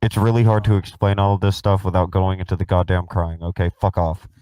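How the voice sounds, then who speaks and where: A man with a fairly low voice rants through a talk-show livestream and swears freely as he scolds the chat. The sound is dry and close, with no room around it. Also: flat delivery, a little fast, dark tone, smooth, dry recording. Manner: profane, ranting, scolding the audience. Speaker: co-host.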